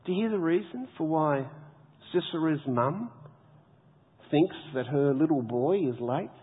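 A man preaching a sermon, reading scripture slowly and with heavy emphasis. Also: a little high, expressive, breathy edge. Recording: tinny phone-like sound with long hall reverb.

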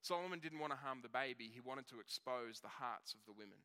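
A man preaching a sermon, telling the story in a conversational way and slowing down on key words. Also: medium pitch, lively intonation, sharp tone. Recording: long reverb of a hall.

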